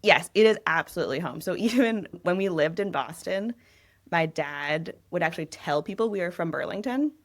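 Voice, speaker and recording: A woman's voice: fairly low pitch, expressive, normal speed. A woman in her thirties, a real estate agent from New England, chatting in a casual interview, rambling a little and laughing often.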